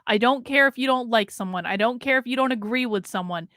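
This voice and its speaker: A woman's voice: a little high, quick pace, pushed and bright, dry recording. A woman commenting on a video she is watching, talking straight to her audience in a blunt, exasperated way. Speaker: commentator reacting to a documentary. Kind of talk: casual reaction commentary.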